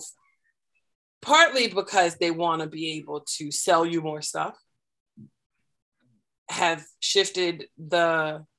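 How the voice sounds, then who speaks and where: A woman guest on a podcast explaining parenting and self-care ideas in a measured, deliberate way, building each point step by step. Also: on the low side, a bit bright. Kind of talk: explanatory conversational advice.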